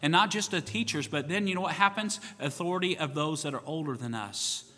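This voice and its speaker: A middle-aged male pastor preaching to his congregation, his voice higher than most men's and bright, edged with tension. He talks in a folksy, conversational way and acts out the voices of the people in his stories. A long church reverb hangs behind every phrase. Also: brisk. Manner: folksy, repeats "you know what?", acts out quoted voices. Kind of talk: sermon.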